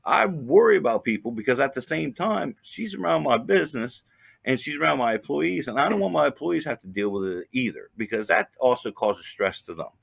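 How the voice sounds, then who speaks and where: A man's voice: medium pitch, sing-song, fairly quick, vocal fry, fairly bright tone, husky. A man co-hosting a podcast, telling a rambling story full of "you know" fillers. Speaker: podcast co-host. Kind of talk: casual storytelling.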